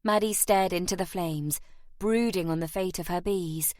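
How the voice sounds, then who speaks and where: Woman narrator, measured audiobook reading, lower voice, dry. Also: no echo. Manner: measured, even storytelling. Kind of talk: scripted narration.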